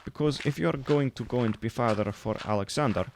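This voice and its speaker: A man's voice: medium pitch, fast talker, vocal fry, slight background noise, lightly acted. A man voicing an earnest, oversharing friend who pleads in broken English.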